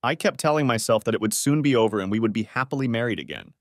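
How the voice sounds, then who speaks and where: A man's voice: mid-range voice, expressive, fast, no room sound, studio quality, close to an everyday voice. Man putting on a remorseful pleading wife. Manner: apologetic, pleading. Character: remorseful young adult wife, tired and pleading.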